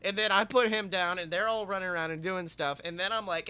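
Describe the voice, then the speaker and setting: A man's voice: high-pitched, quick pace, clear, resonant tone. A young man co-hosting a podcast, chatting casually and acting out funny stories with lots of swearing. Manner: animated storyteller, swearing, acting out quotes. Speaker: podcast co-host. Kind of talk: casual chat.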